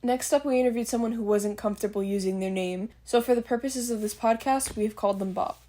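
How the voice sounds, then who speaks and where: A woman co-hosts a laid-back podcast from a video call. She introduces the guests and chats in an easy, relaxed way, with a voice a little on the high side. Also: quick pace. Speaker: podcast co-host. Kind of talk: casual chat over video call.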